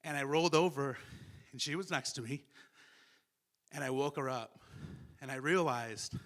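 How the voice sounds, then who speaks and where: A man's voice: mid-range voice, a bit bright. A man speaking at a memorial service, recalling a friend in a heartfelt eulogy and acting out the dialogue of a remembered dream. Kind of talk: memorial speech.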